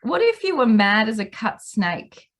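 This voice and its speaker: A woman in her thirties with an Australian accent chats casually as a podcast guest, animatedly acting out the people in her stories. Her voice is fairly high and her pace measured.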